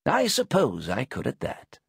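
A croaky, frail old gentleman in his late sixties, hard of hearing, talks fussily and politely and drifts off rambling, as an audiobook narrator puts him on. His voice sits well above the narrator's own, husky and close to a dry mic. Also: medium pitch, wildly swooping pitch, measured pace, dry recording, voice pushed up, full character voice. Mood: genial. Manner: fussy, polite, rambling about old motorbikes.

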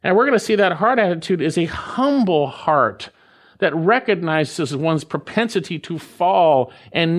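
A middle-aged man preaching a verse-by-verse sermon, stressing key words slowly and repeating phrases for emphasis. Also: a little high, lively intonation. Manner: emphatic, repeats key phrases, swoops between slow stresses and quick asides. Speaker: pastor. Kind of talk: expository sermon.

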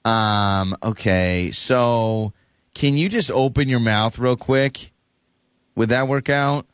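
A man's voice: mid-range voice, slow pace, clean tone, no echo, studio quality. A man who is a radio host, posing as a dental office caller in a prank phone call, stammering, dodging questions and repeating himself.

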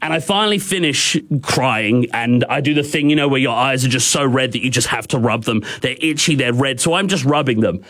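A man's voice: mid-range voice, expressive, a little fast, few pauses, a bit bright. A young Australian man hosting a radio show, telling a personal story in a candid, rambling way with many fillers and restarts. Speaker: radio host.

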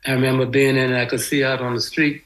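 A man's voice: medium pitch, little pitch movement, quick pace, a bit bright, low-quality recording. Man telling stories loosely. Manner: loose, rambling, full of "you know". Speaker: interviewee recalling his past. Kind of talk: casual storytelling.

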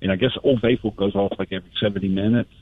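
A man's voice: lowish voice, fairly even intonation, racing, slightly rough, no echo. A man calling into a radio show, telling a story loosely with lots of fillers. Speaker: caller. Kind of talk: casual radio chat. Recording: tinny phone line.

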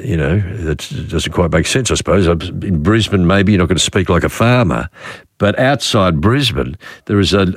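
Middle-aged Australian man, lively low voice. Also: no room sound, clean studio sound. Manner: musing, chatty, trailing off with fillers. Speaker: radio host. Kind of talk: casual talkback radio. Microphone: studio mic.

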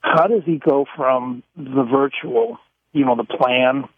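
A man calling in to a radio show, asking a long question in a hesitant, halting way. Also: mid-range voice, no room sound. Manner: hesitant, halting, many restarts. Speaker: caller. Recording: phone line.

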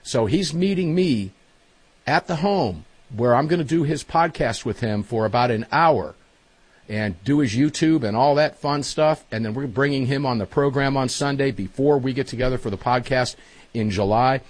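A man hosting a talk radio show, briskly plugging guests and joking with his co-host. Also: mid-range voice, breathy edge, dry recording. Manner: brisk, joking, plugs upcoming shows.

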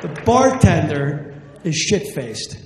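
A man's voice: fairly high pitch, big pitch swings, slow, a faint crowd. A man from New Jersey doing brash, profane stand-up storytelling on stage. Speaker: stand-up comedian. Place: comedy stage in a hall. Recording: echoey live hall.

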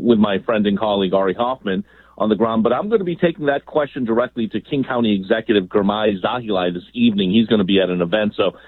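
A man's voice: lowish voice, no room sound. Male journalist on a tinny phone line. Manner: emphatic, quick, with fillers. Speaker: journalist guest. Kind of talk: phone-in radio interview.

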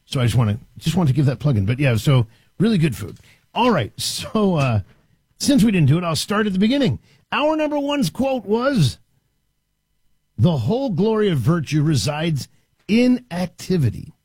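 A man hosting a talk radio show from a studio, delivering an animated, emphatic monologue with frequent restarts. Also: high-pitched, a little fast, slightly rough, no echo.

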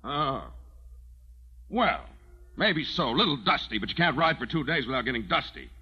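An actor playing a short-tempered rancher who rants and bellows complaints, in a classic western film. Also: male voice, mid-range voice, sing-song, normal speed, sharp tone, husky, lo-fi sound, full character voice. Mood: sheepish. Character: blustering irritable rancher man, short-tempered.

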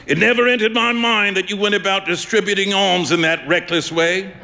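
An actor playing a hearty, mocking male artist friend who laughs and teases loudly. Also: fairly even intonation, a little fast, creaky, long reverb tail, full character voice. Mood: amused. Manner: booming, laughing, teasing.

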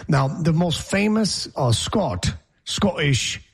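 A man's voice: on the high side, lively intonation, unhurried, breathy edge. A man hosting a sports talk show, talking casually in a brash, rambling, joking way.

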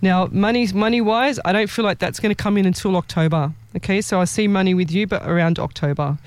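A woman's voice: medium pitch, fast, darkish tone, dry recording. Rambling woman giving psychic readings. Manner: rambling, self-correcting, laughs often. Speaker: psychic medium. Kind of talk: live psychic reading on a show.

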